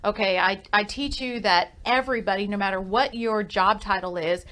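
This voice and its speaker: A woman's voice: mid-range voice, moderate pace, fairly bright tone. A woman hosting a radio talk show in a studio, chatting in an upbeat, frank way and laughing easily. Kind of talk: casual radio chat.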